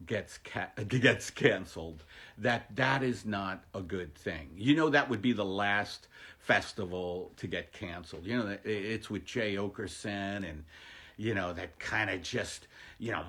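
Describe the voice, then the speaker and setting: A man's voice: fairly low pitch, fairly bright tone. A male comedian rambling through a casual livestream from home, self-mocking and jokey. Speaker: stand-up comedian hosting a livestream. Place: home, during lockdown.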